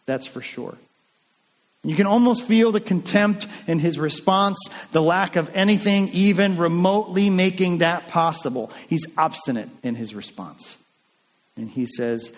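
A man preaching a sermon in a casual, animated way, acting out the lines of the people in the story. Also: on the high side, measured pace, in a large hall. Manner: conversational and animated, acting out quotes. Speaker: pastor.

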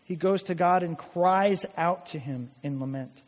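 Male pastor, emphatic sermon, slightly high voice, long hall reverb. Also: unhurried. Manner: dramatic, emphatic preaching with rhetorical questions. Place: church hall.

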